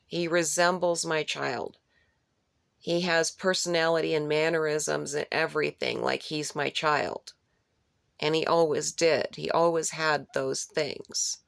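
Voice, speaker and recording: A woman with a low, creaky voice recounts a dream off the cuff, rambling, restarting and searching for words while repeating phrases for emphasis. The sound is clean studio quality with no room tone.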